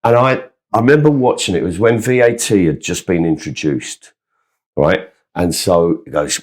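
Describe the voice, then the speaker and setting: A man's voice: sits low, moderate pace. A man, a comedian guest telling funny anecdotes about his childhood and laughing along with his own stories. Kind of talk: anecdotal storytelling.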